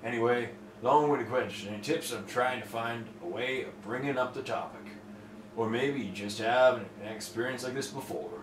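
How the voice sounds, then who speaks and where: A man's voice: mid-range voice, moderate pace, far from the mic, noisy background, close to an everyday voice. A man putting on a drawling, folksy voice as a polite adult male viewer. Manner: exaggerated twangy drawl, reading a letter. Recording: roomy with faint ambience.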